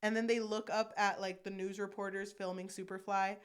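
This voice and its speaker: A young woman talks through a movie's plot on a casual podcast, and she acts out the characters' lines as she goes. Her pitch sits mid-range for a woman. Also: brisk, smooth. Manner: animated, acts out character lines while recapping. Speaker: podcast co-host.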